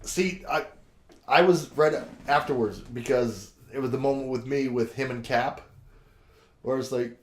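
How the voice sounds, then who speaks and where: A man's voice: mid-range voice, unhurried, echoey room. A man co-hosting a casual podcast chat, gushy and emotional, who swears freely. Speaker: podcast co-host.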